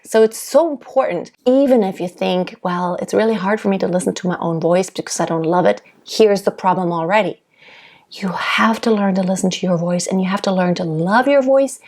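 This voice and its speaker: A woman's voice: mid-range voice, a little mellow. Woman singing teacher, conversational. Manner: encouraging, conversational, many rhetorical questions. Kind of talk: casual video lesson.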